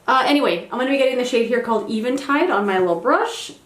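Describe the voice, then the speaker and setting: A woman's voice: fairly high pitch, animated, quick pace, fairly bright tone, reverberant. Chatty young woman vlogging at home. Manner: chatty, rambling, self-deprecating asides. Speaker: beauty vlogger. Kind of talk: casual get-ready-with-me chat. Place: bedroom at home.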